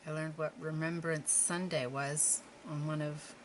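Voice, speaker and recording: A middle-aged woman talks in a low register. Her talk is chatty and rambling, with self-deprecating asides as she paints. A faint noise floor sits under her voice. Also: level tone, unhurried. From Western Pennsylvania. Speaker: craft vlogger. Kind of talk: casual chat while painting.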